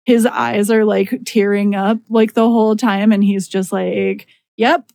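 A woman's voice: medium pitch, little pitch movement, measured pace, gravelly, dark tone, no room sound. A woman hosting a podcast in casual chat, enthusiastic and full of recommendations. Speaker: podcast host.

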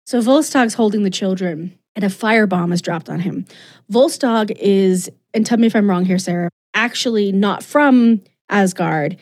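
Enthusiastic woman co-host, mid-pitched, chatty, fillers everywhere, gushes as she recaps. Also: moderate pace, darkish tone. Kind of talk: casual chat retelling a story.

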